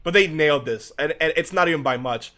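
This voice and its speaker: A young man giving excited reaction commentary on game animations, gushing and restarting his sentences, calling the viewer dude and bro. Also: a little high, fast talker. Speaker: gaming YouTuber.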